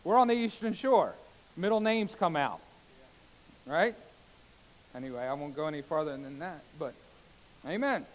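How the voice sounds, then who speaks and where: A man preaching a sermon as a pastor, swinging between loud exclamations and hushed soft passages, with calls of amen and hallelujah. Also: on the high side, lively intonation, normal speed, pauses often, slight background noise, low-quality recording. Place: church sanctuary.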